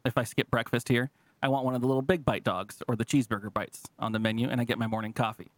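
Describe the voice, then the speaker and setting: A man hosting a podcast, telling profane, animated stories in casual chat and acting out what people said. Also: mid-range voice, quick pace, no echo. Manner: profane, animated, acts out quotes. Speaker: podcast host.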